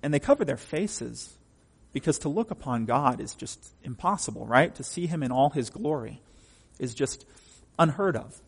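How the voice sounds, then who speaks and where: Husky preacher in a reverberant hall. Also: male voice, mid-range voice, expressive, normal speed. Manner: emphatic, asks the congregation questions. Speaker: pastor. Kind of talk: sermon.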